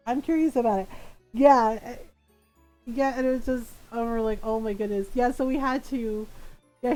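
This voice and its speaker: Woman streamer, casual storyteller, mid-high voice, animated, acts out quotes; soft music bed. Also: low-quality recording.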